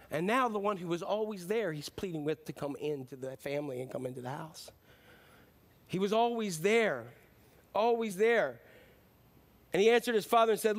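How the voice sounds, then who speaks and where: A middle-aged man preaching a sermon in a conversational way, acting out the lines of Bible characters. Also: high voice. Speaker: pastor.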